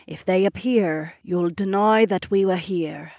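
A man narrating an audiobook voices a calm Irish woman mage with a measured, soothing manner. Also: sits high, creaky, no room sound, studio quality, voice pushed up, heavily acted.

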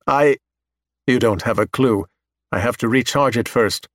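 A man's voice: mid-range voice, a little slow, a bit bright, dry recording, close to an everyday voice. A man voicing a menacing four-legged male robot that presses and threatens, in a dry recording. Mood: cold, pushy. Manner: insistent, threatening.

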